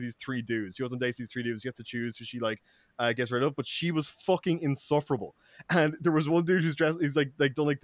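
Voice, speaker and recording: A man's voice: mid-range voice, no echo. A man telling rambling stories in casual podcast chat, swearing often and acting out the people he quotes. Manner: rambling storyteller, swears a lot, acts out quotes. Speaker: podcast co-host.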